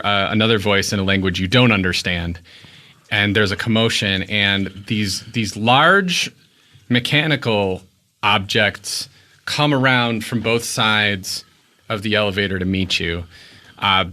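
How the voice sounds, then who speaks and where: Bright-toned man narrating as game master. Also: on the low side. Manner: rambling, halting, lots of filler words.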